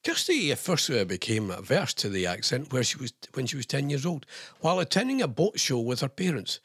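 A man's voice: mid-range voice, sing-song, a little fast, slightly rough, dry recording, clean studio sound. A man with a Scottish accent hosting a radio show, reading quirky news stories and adding wry joking asides in a chatty way.

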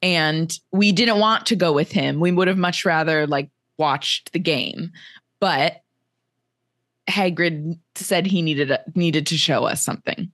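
Woman podcast co-host, lower voice, casual retelling that slips into characters' lines, dry close sound. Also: unhurried, fairly bright tone, no echo. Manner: chatty, laughs often, heavy use of "like". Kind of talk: casual chat recapping a book chapter.

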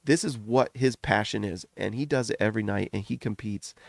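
Gravelly man gushing over basketball. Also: fairly low pitch, no room sound, studio quality. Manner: animated, gushing, talks in rapid runs. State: foggy from a recent illness. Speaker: podcast host. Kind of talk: casual sports commentary.

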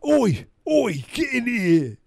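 A man's voice: very high-pitched, wildly swooping pitch, takes it slowly, creaky, dry recording, studio quality, voice pushed up, exaggerated voice. A man putting on a rowdy mock-British bishop. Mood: bossy. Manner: shouting, bossy, cartoonish. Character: brash mock-British bishop, loud and pushy.

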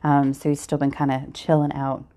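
Lower-voiced chatty woman. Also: little pitch movement, normal speed, dark tone. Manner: chatty, trailing off into hesitant restarts. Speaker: podcast co-host. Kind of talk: casual chat.

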